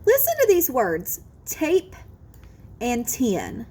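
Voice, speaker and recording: A woman teaching a kindergarten phonics lesson, sounding out words slowly and with exaggerated care. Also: high voice, huge pitch swings, darkish tone. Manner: drawn-out, exaggerated sounding out of words, sing-song encouragement. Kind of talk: slow, careful phonics lesson for young children.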